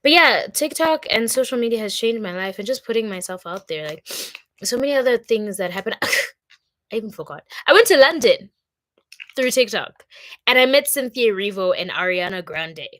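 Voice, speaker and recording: A woman's voice: fairly high pitch, animated, normal speed, a bit bright, dry recording. A young woman from Congo chatting casually and upbeat on a livestream, with plenty of fillers. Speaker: content creator.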